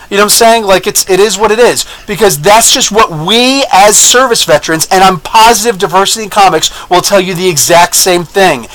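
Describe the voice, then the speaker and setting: A man with a fairly high voice for his sex, hosting a podcast in a loose, opinionated monologue. He rambles and circles back, and speaks bluntly. He keeps checking in with his listeners as he tells his stories. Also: fairly quick, hardly any pauses, poor audio. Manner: rambling, animated, keeps asking "you know what I'm saying?". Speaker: podcast host. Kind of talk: casual opinion monologue with storytelling.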